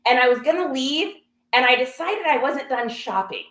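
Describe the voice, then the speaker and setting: Animated high-voiced woman telling a story. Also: normal speed, roomy sound. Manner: animated, acts out other people's lines in quotes. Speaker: reseller sharing a garage sale haul. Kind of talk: casual storytelling to viewers.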